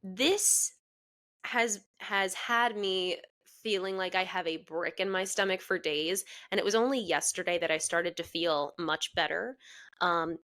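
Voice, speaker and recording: A young adult woman co-hosting a podcast, telling a personal story in a frank, animated way, swearing freely and laughing as she goes. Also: on the low side, unhurried. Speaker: podcast co-host. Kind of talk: casual storytelling chat.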